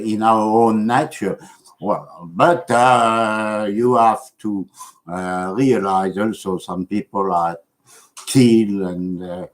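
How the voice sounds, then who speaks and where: A man with a non-native English accent giving an earnest, preachy, rambling monologue to his video audience, halting and full of fillers. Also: lowish voice. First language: not English. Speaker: religious video blogger.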